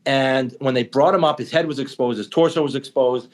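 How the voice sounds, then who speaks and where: A man's voice: medium pitch, a little fast. A man who once served as a police officer, co-hosting a casual talk show and retelling events in a heated, stammering way. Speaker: podcast co-host, former police officer. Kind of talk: casual discussion.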